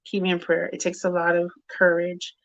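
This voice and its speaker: A woman's voice: on the low side, completely flat delivery, fairly quick, gravelly, a bit bright, muffled recording. A middle-aged woman hosting a grief discussion in casual, heartfelt chat, candid and rambling with many fillers and restarts. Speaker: host of a women's grief discussion.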